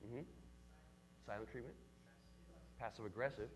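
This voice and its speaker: A man's voice: mid-range voice, steady tone, normal speed, big-room sound, noisy background. A man leading a church youth group, teaching in an engaging way and calling on the young people by name with questions.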